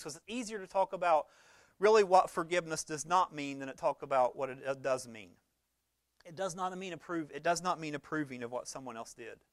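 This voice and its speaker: A man, preaching a conversational sermon that swings between loud emphasis and quiet low talk. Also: no room sound. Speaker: pastor.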